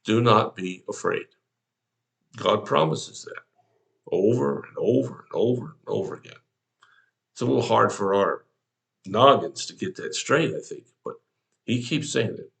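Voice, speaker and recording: A man's voice: on the low side, lively intonation, moderate pace, creaky, fairly bright tone. A man, an older pastor, giving a devotional sermon in a folksy, conversational way, talking straight to the listener.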